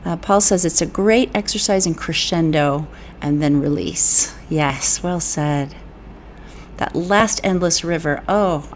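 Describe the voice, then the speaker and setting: A woman vocal coach reacting live to a performance, reading viewers' comments aloud and breaking into gushing exclamations of awe. Her voice sits fairly low for a woman. A faint hiss runs under the recording. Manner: enthusiastic, breathy exclamations of awe.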